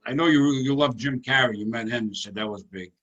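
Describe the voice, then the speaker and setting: A man's voice: mid-range voice, brisk, fairly bright tone, lo-fi sound. A man hosting a casual comedy chat over a video call, teasing his guests and laughing often. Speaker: host.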